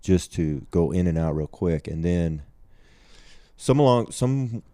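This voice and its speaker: Man, very deep voice, mellow tone, dry studio sound, easygoing. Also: animated, takes it slowly, no echo. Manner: easygoing, recounting plans step by step. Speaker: podcast co-host. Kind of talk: casual chat.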